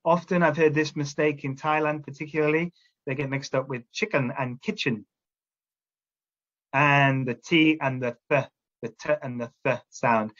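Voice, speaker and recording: A man's voice: on the high side, fairly bright tone, highs cut off. A man training teachers, explaining classroom steps and checking in often with "all right?". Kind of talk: instructional talk to teachers.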